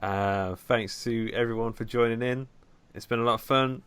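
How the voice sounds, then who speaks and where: A man's voice: mid-range voice, moderate pace, smooth, no room sound. A man hosting a podcast, chatting casually and laughing often as he wraps up the episode. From United Kingdom. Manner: laughs often, relaxed banter. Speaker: podcast host.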